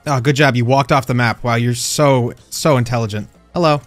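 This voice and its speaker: A gaming YouTuber with a mid-range voice talks fairly quickly over faint music. In casual gameplay commentary he teases other players with playful trash talk and yelps suddenly when something surprises him.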